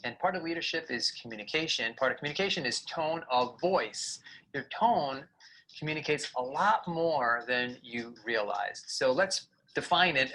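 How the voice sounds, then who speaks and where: Bright-voiced man teaching a video lesson. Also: medium pitch, low-quality recording. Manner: clear explanatory delivery with vocal demonstrations. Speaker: communication coach.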